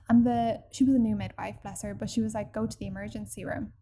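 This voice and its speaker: A woman telling a personal story in casual podcast chat, animated and full of fillers. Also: mid-range voice, fast, slight background noise. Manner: chatty and animated, acts out quoted people, many fillers.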